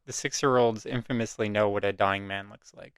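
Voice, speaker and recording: A man's voice: on the low side, fairly even intonation, brisk, smooth, no echo, studio quality. A man co-hosting a podcast in casual chat, blunt and offhand as he recaps movies. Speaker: podcast co-host.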